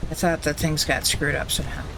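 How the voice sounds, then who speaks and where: A woman's voice: deep voice, fairly even intonation, brisk, vocal fry, noisy background. A woman streaming a video game, commenting casually in a blunt, opinionated way with plenty of swearing.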